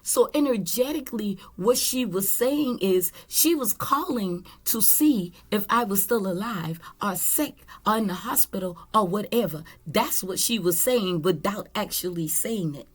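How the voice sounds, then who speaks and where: Blunt, slow-talking woman tarot reader. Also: mid-range voice, lively intonation, slightly rough. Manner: blunt and candid, with swearing. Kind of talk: casual spiritual monologue.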